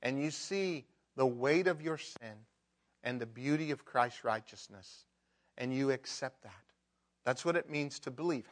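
A middle-aged man preaching a sermon, emphatic, dropping to a hush and rising to loud outbursts. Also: on the high side. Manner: emphatic, swings between loud mock outbursts and hushed prayer.

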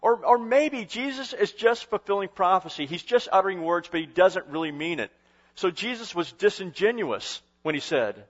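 A man's voice: high voice, lively intonation, normal speed. Man preaching a conversational sermon, lo-fi. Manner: conversational, rising and falling in intensity with short restarts. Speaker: pastor.

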